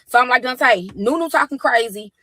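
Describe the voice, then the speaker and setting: A woman telling a tense story about her daughter, quoting texts and calls in a fast, profane way. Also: fairly high pitch, bright, forceful tone, dry recording, low-quality recording. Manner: fast, profane retelling with quoted dialogue. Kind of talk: animated storytelling.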